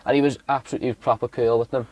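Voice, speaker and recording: There's slight background noise as this mid-range male voice races along very fast. A podcast co-host from Southport in the Liverpool area, he animatedly recounts a rowdy tale during casual chat, peppering it with swearing and performing the voices of the people in it.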